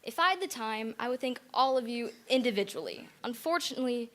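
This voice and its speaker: A woman's voice: a little high, expressive, fairly quick, fairly bright tone. Giggly teenage girl giving a synagogue speech. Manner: giggly, nervous, fighting back tears. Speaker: bat mitzvah girl giving a thank-you speech. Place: synagogue sanctuary.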